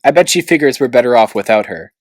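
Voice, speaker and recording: A man reading aloud, voicing a bossy, sharp-tongued young female dragon with a snappy, sarcastic manner. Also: medium pitch, expressive, quick pace, dry recording, lightly acted.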